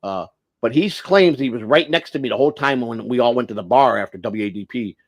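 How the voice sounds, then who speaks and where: Brisk and mid-range, this U.S. man's voice comes through with no room sound as he hosts a relaxed livestream. He's blunt and rambling, cursing freely and often starting sentences over.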